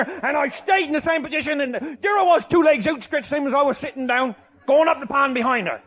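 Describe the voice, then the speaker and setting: High-voiced older man shouting a tall tale. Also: slight background noise. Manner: boisterous, often shouting and laughing mid-sentence. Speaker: storyteller. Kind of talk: comic tall-tale telling.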